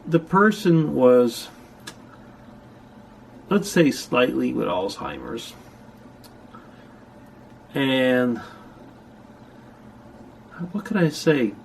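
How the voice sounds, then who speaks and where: A man's voice: medium pitch, very animated, drawn-out words, creaky, long pauses. An older man chatting casually to camera from a room at home, rambling with dry asides. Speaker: vlogger. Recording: faint scanner hum behind. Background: slide scanner noise.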